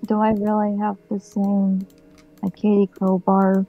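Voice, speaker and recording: A woman's voice: medium pitch, completely flat delivery, a little slow. A woman in her twenties, teasing and chatting in a casual group voice call. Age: 20s. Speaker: stream guest. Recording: dull lo-fi mic with music.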